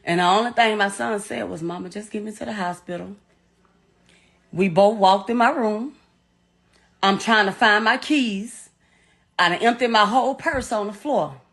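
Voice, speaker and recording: In a somewhat bright, slightly high voice, a middle-aged woman with a Southern US drawl tells her story as a grieving mother. The interviewee, mother of the deceased, is raw, profane and distressed.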